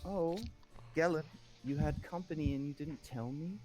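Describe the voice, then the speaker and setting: Guy putting on a high floaty voice for a weird creepy rich lady, dreamy and drawn out. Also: moderate pace, darkish tone, soft background music, close to an everyday voice. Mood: airy, doting. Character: eccentric creepy noblewoman, vacant and doting.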